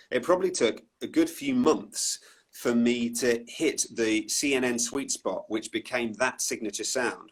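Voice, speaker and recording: Husky-voiced man in easy conversation. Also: medium pitch, a bit bright. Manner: thoughtful, self-deprecating, trailing restarts. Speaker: voice-over artist, guest. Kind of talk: relaxed conversational interview. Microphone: online live video call.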